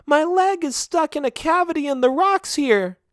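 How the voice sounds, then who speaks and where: A man voicing a frightened female sheep stuck in a cave, whining and tearful in a very high voice for a storybook. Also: animated, normal speed, a bit bright, dry recording, studio quality. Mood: whimpering. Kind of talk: storybook narration.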